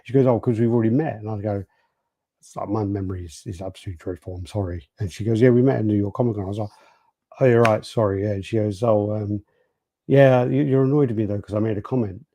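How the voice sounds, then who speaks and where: A man's voice: lowish voice, fast talker, warm tone, no room sound. A British man co-hosting a podcast, casually telling stories and reading out live chat messages. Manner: rambling storyteller, acts out quotes. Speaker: podcast co-host.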